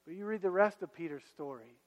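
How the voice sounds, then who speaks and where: A pastor preaching a sermon to his congregation in a fairly high voice. He speaks in an exhorting way and circles back to repeat his key phrases. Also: a little fast, big-room sound, dull audio. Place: church.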